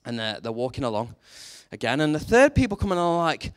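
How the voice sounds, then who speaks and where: A man preaching a sermon, telling a story with lively energy and briefly acting out the characters in it. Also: a little high, fast talker, hardly any pauses. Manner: animated storytelling, acts out quoted characters.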